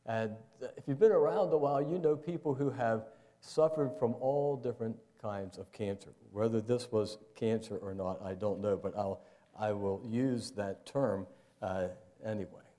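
A man's voice: moderate pace, dark tone. An older man preaching a sermon to his congregation in a folksy, conversational way. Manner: conversational, folksy, jumps into high playful voices for asides. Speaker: pastor. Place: church sanctuary.

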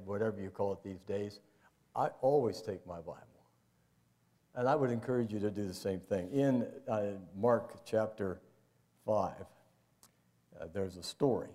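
An older man preaching a sermon to his congregation in a folksy, conversational way. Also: mellow. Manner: conversational, folksy, jumps into high playful voices for asides. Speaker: pastor. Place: church sanctuary.

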